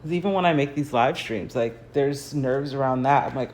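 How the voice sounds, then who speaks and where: An American artist hosts an early-morning phone livestream from her home garage, chatting casually while she paints. Her voice is a rumbling, darkish low at a moderate pace with few pauses. She rambles, leans on fillers, and keeps breaking into laughter.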